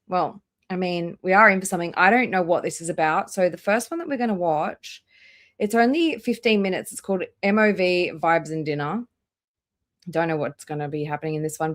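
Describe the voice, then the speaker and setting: A woman hosting a live reaction stream, chatting casually and reading out viewer names one by one with drawn-out welcomes. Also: fairly low pitch. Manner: drawn-out welcomes, trailing off quieter.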